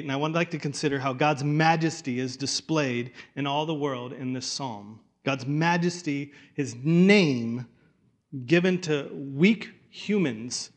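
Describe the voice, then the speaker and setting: A man preaching a sermon in a conversational way, restarting phrases and dropping to a hush for weight. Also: mid-range voice. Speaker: pastor.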